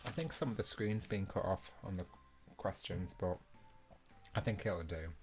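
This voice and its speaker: Chatty self-mocking young quiz host. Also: male voice, low-pitched, normal speed, long pauses, faint music behind. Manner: chatty and self-mocking, laughs at his own attempts at impressions. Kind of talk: hosting a live online pub-style quiz. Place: small room, alone.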